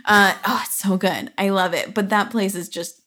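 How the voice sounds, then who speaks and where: A woman's voice: medium pitch, steady tone, normal speed, pushed and bright. A woman co-hosting a podcast, telling stories in a chatty way with many fillers and giggles. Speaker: podcast co-host. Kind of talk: casual chat.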